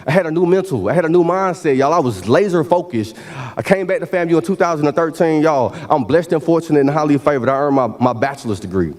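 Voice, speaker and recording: Speaking fast in a slightly high, animated, darkish voice, this man is the keynote speaker at a university ceremony. His motivational speech in the large hall sounds like a sermon, full of call-and-response and frequent "y'all"s.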